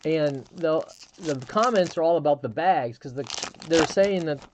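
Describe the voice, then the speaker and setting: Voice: medium pitch, measured pace, darkish tone, a little hiss or hum. A live stream host chatting casually, telling a rambling story with frequent restarts and fillers.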